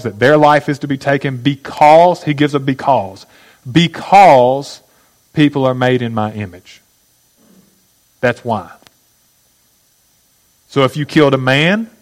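This pastor preaches in a mid-range voice, teaching his sermon step by step and putting questions to his listeners. The audio quality is poor.

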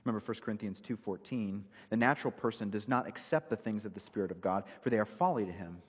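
A man's voice: lowish voice, fast talker, husky, long reverb tail. A male pastor preaching an emphatic, verse-by-verse expository sermon in a church sanctuary.

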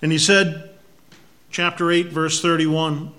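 Slow-speaking Massachusetts pastor. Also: male voice, on the high side, little pitch movement, sharp tone. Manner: slow, conversational preaching with repeated scripture refrains. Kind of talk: sermon.

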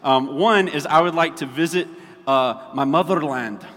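A man's voice: on the high side, unhurried, fairly bright tone. Chatty pastor man in an echoing hall. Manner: chatty, checks in with the audience often. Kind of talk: casual sermon to a congregation. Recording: long reverb of a large hall.

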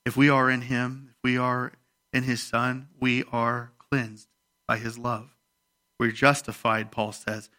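A male pastor preaching a sermon, rising in emphasis on scripture readings and dropping quiet for personal stories. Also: medium pitch, flat delivery, takes it slowly.

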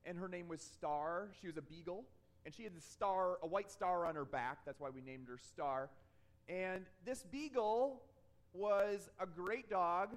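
A man's voice: sits high, a little slow. A man preaching a sermon in a conversational way, often checking in with the congregation and telling personal stories to make his points. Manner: conversational, checks in with frequent "okay?". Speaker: pastor.

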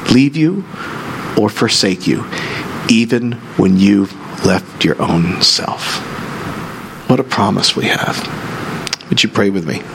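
A man preaching a sermon, telling a story with animated, rising excitement before settling into prayer. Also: fairly low pitch, gravelly, background noise. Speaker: pastor.

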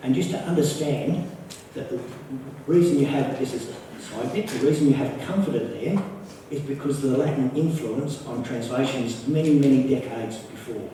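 A man's voice: mid-range voice, moderate pace, warm tone, a little hiss or hum. Echoey Australian man preaching from afar. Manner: earnest, repeats key phrases for emphasis. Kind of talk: sermon. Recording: echoey, from far off the mic.

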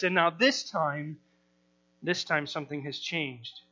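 A man with a high, bright, forceful voice explains a scripture passage verse by verse. He talks casually, trips over his own starts, and slips into the voices of the people he quotes. The recording sounds dull and lo-fi. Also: slow. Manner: conversational, with frequent restarts, acts out the quoted people. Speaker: Bible teacher. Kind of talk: verse-by-verse Bible teaching.

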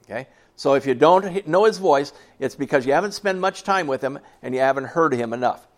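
A man's voice: medium pitch, expressive, fairly quick. A man in his sixties preaching a sermon to a church congregation in a folksy, conversational way, often asking them questions. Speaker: pastor.

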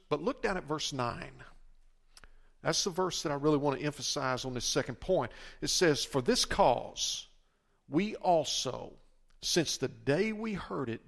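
An older man delivers a sermon from the pulpit, emphatic and given to repeating and restarting phrases. His voice sits a little high for a man and carries a gravelly rasp. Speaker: pastor.

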